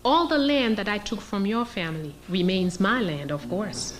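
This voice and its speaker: A woman's voice: mid-range voice, big pitch swings, normal speed. A woman professor from Haiti lecturing with passion, sarcastic and rhetorical. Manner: rhetorical, sarcastic, role-playing scenarios. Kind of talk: impassioned lecture.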